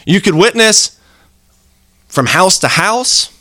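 A man delivers an earnest, conversational sermon, his voice a touch higher than most and full of swings in pitch. The sound is dry and close, with little room around it. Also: expressive, slow pace, pushed and bright, dry recording. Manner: earnest, conversational preaching with acted-out quotes. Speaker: preacher.

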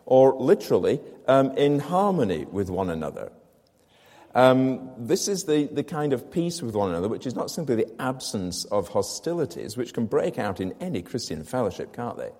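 A man's voice: mid-range voice, very animated, moderate pace, hardly any pauses, warm tone, long reverb tail. A man preaching a sermon to his congregation, explaining a scripture passage with rhetorical questions and emphatic repetition. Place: church.

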